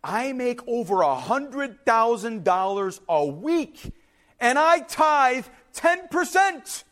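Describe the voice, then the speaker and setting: A man voicing a calm, smug rich man who answers in a relaxed, dismissive way. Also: normal speed. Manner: relaxed, dismissive, low and quiet.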